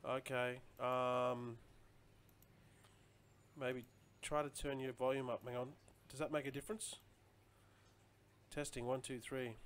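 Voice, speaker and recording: A man's voice: medium pitch, little pitch movement, slow, pauses often, fairly bright tone, slight background noise. A man chatting casually on a live stream, rambling loosely and answering viewer comments as he goes.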